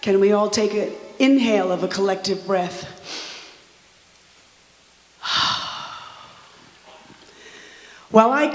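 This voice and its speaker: A woman activist giving an impassioned rally speech with call-and-response chants, stretching out key words for emphasis. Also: fairly high pitch. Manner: fervent, chanting, drawn-out emphatic phrases. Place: large church sanctuary with an audience. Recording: echoey church hall with long reverb.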